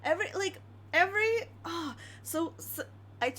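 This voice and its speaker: Lively high-voiced woman gaming. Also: normal speed. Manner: laughs often, animated storytelling. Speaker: co-host. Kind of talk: casual let's-play chat.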